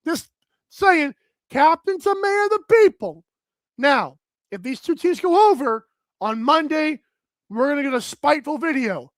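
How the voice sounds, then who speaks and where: A man hosting a live sports betting talk show, energetic and outspoken as he runs through his picks. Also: extremely high pitch, unhurried, no room sound. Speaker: host.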